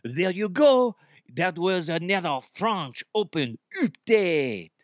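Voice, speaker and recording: A man's voice: high-pitched, very animated, takes it slowly, dry recording, clean studio sound, pitched above the performer's own voice, exaggerated voice. A man voicing a pompous French tennis announcer with a put-on French accent. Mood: mock-serious.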